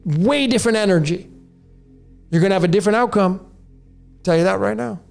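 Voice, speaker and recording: Soft background music accompanies a high, gravelly, somewhat mellow male voice moving a little fast. It belongs to a podcast host in his late forties giving listeners a raw, preachy solo rant.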